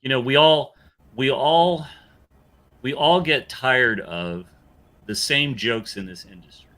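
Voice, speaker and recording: Bright-toned man arguing his point. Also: mid-range voice, slow pace. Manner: emphatic, persuasive commentary. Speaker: co-host. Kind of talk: casual livestream chat.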